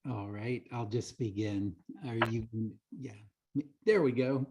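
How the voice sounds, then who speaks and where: A man starting a personal story at a storytelling event, low-key and unhurried. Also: noisy background.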